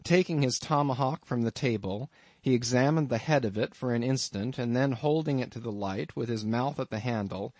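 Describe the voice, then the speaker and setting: A man narrating an audiobook in an expressive, dramatic reading. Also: medium pitch, no echo.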